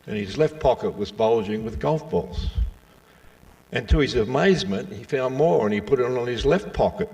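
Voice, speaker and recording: An older man from Western Australia, telling stories and jokes to a live audience in a slow, folksy way with asides to the crowd. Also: mid-range voice, expressive, a little mellow, recorded from a distance, poor audio. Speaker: speaker giving a talk.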